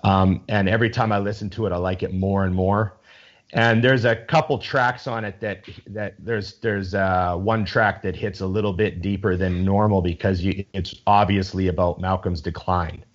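Low-voiced man rambling enthusiastically. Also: steady tone, moderate pace, muffled recording. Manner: rambling, enthusiastic, swears freely. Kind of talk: casual chat.

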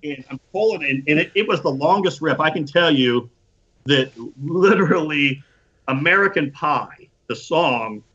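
A man casually telling an animated, profane anecdote and acting out the quotes. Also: on the high side, measured pace, husky. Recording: dull lo-fi recording.

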